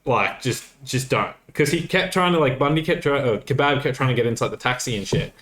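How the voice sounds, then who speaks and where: A man's voice: mid-range voice, brisk, a bit bright. A man co-hosting a podcast, telling a nightlife story casually with swearing and quoted dialogue. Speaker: podcast co-host. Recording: roomy echo.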